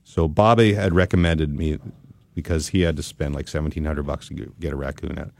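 A man hosting a podcast who tells a story in a casual, animated way and laughs often. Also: extremely low pitch, a little fast, gravelly, no echo. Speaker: podcast host.

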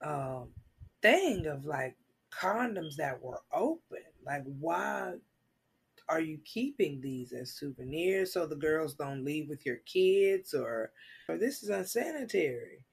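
A woman, guesting on a casual chat podcast and telling funny stories with animated quoted voices. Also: low-pitched, slow pace, vocal fry, husky. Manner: animated, acts out quotes, laughs loudly.

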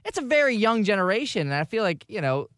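A man with a slightly high voice tells a story in casual podcast chat, rambling and full of fillers. The recording is dry and close. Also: sing-song, quick pace, fairly bright tone, no room sound. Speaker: podcast co-host.

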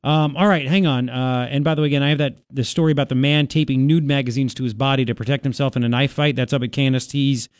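A man hosting a talk radio show, mocking and sarcastic, with animated outbursts. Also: medium pitch, fast talker, few pauses, dry recording, studio quality.

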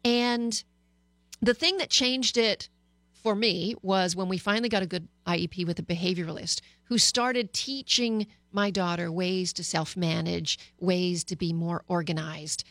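A woman's voice: on the low side, unhurried, a bit bright, no echo. A middle-aged woman psychologist hosting a talk radio show, speaking candidly and personally with frequent hesitations. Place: radio studio.

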